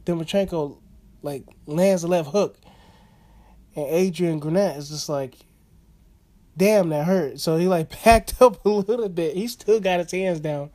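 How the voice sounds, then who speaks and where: Mellow-voiced man rambling through a fight recap. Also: a little high. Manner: rambling, chuckling, filler-heavy slang. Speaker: boxing fan recapping a fight.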